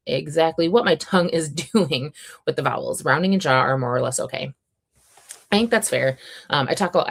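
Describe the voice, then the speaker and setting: This is a woman in her thirties hosting a relaxed reading livestream. She has a low voice and talks in a chatty, wry way, reading out viewer comments and riffing on them. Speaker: readathon livestream host.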